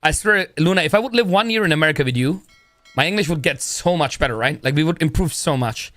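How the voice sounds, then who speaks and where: A young man, talking in a loose, rambling, slangy way with plenty of "bro", pitched somewhat high for a man. His voice is close to the mic and dry, with no room sound. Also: lively intonation, quick pace, fairly bright tone, dry recording. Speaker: streamer. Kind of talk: casual live-stream chat.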